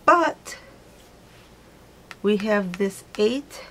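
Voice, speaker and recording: Slow, gravelly-voiced woman reading tarot. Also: lowish voice, steady tone, darkish tone, slight background noise. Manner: chatty, thinks aloud, self-correcting. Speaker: tarot reader. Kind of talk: casual tarot reading to camera.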